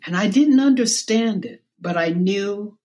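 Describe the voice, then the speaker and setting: An older woman from the American South, a guest in an interview, telling a personal childhood story slowly and reflectively. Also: medium pitch, lively intonation, mellow. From South Carolina, US. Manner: slow, reflective storytelling with quoted voices.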